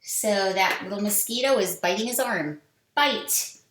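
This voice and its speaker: A woman teaching a phonics lesson to young children, sounding out words slowly with sing-song prompts. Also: mid-range voice. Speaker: kindergarten teacher. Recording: echoey room.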